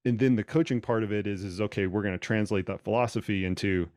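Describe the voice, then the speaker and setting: Low-voiced man hosting a coaching podcast. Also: quick pace, darkish tone, no echo, clean studio sound. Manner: conversational, repeats words as he thinks aloud. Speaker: podcast host and running coach. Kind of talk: casual podcast discussion.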